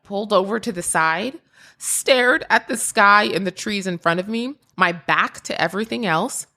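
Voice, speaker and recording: Woman telling a personal story, animated. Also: medium pitch. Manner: emotional, animated, frequent laughs and restarts. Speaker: podcast host.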